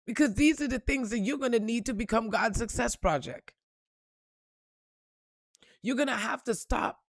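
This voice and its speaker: A woman giving an unscripted motivational talk and telling a story straight to her viewers, blunt and profane, swinging between quiet asides and loud emphasis. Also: on the high side, normal speed, no echo. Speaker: spiritual reader and motivational speaker.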